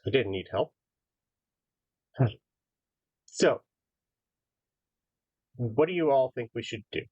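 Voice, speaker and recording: A man's voice: mid-range voice, expressive, takes it slowly, darkish tone, breathy edge, no room sound, muffled recording. A man voicing a smug, greedy teenage girl student who talks down to the younger ones in a tabletop game. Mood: smug, scheming. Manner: condescending, boastful.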